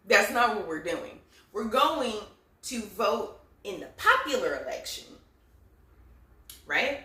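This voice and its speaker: A woman's voice: mid-range voice, very animated, takes it slowly, long pauses, bright, forceful tone, distant mic. A woman giving casual, profane commentary, sarcastic and repeating lines for emphasis. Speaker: political commentary vlogger. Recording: echoey room, voice somewhat off mic.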